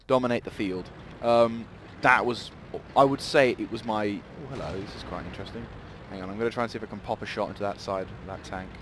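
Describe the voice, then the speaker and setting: A man's voice: on the low side, fairly even intonation, fast talker, slight background noise. A man giving live gameplay commentary, rambling and swearing in sudden outbursts.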